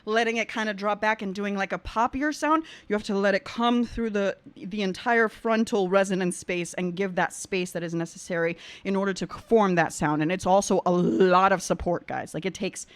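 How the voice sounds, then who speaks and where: An effusive woman opera singer and vocal coach talks through a performance in a casual, gushing way. She breaks now and then into short sung examples. Her voice is mid-pitched and sounds dry and close, with no room echo. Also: moderate pace, few pauses. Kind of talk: casual reaction commentary with sung demos.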